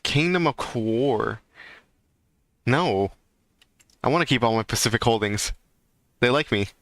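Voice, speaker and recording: Brief: male streamer, mid-pitched, smooth clear voice, loose ranting delivery. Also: lively intonation, a little slow, fairly bright tone, no echo. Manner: rambling, ranting, heavy fillers. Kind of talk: casual livestream chat.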